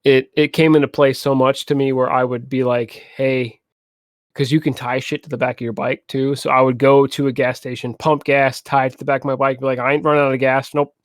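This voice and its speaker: A young man co-hosting a casual podcast, animated and swearing often, acting out quotes in funny voices. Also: medium pitch, fast talker, few pauses, dry recording, clean studio sound. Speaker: podcast co-host. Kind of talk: casual chat. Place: home streaming setup.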